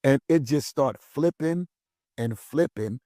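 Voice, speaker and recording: A man's voice: medium pitch, slow pace, no echo, clean studio sound. A man, a pastor, telling a personal story in a casual conversation, acting out the voices of the people in it. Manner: animated storytelling, acts out voices.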